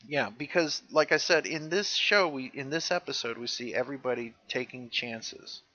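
A man's voice: medium pitch, moderate pace, muffled recording. A man co-hosting a casual podcast, animatedly retelling scenes and quoting lines. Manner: animated, jumps into character voices when quoting. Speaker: podcast co-host recapping a show.

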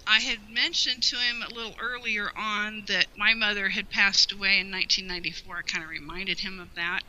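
Woman guest, very bright voice, heartfelt and rambling, emotional storyteller. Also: medium pitch, steady tone, fairly quick, poor audio. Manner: heartfelt, rambling with frequent "you know". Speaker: guest, longtime fan. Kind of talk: personal storytelling in an interview.

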